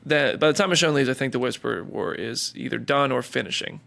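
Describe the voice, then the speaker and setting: A man's voice: medium pitch, fairly quick, creaky, a bit bright. A man co-hosting a podcast, chatting casually and telling stories, quoting people in put-on voices. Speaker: podcast co-host. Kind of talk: casual chat.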